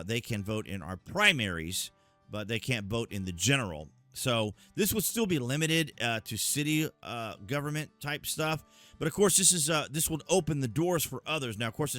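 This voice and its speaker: A man hosting a political commentary channel, talking casually and emphatically, with frequent filler pauses. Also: mid-range voice, sharp tone.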